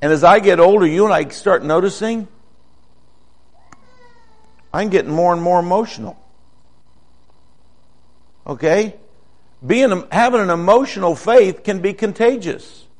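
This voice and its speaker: A man's voice: sits high, a little slow, pauses often. An older man preaching a folksy, conversational sermon, asking the congregation questions.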